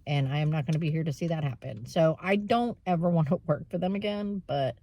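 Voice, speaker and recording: A woman talking openly to her viewers in a casual vlog, with many fillers and frequent throat clearing. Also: sits low, fairly quick, dark tone. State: tearful at times. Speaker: vlogger. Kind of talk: casual vlog chat while running errands.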